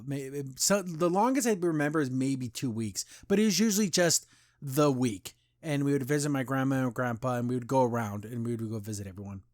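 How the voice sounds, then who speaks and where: A man's voice: mid-range voice, darkish tone, no room sound, clean studio sound. A young man hosting a podcast, giving a casual, opinionated review that rambles with lots of restarts and repeated words, often with a sarcastic edge. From United States, grew up in Las Vegas. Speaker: podcast host.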